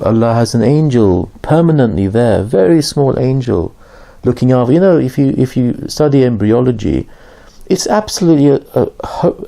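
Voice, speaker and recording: A man with a warm, medium-pitched voice and vocal fry teaches an informal religious lesson as an Islamic teacher. His stories come across conversationally, and he raises his voice to act out the dialogue.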